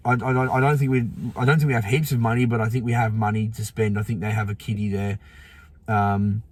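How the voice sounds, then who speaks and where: A man with a lowish, brisk voice and little pitch movement hosts a football fan channel from outdoors in the morning sun. He's sleepy and yawning, chatting casually with lots of fillers and restarts.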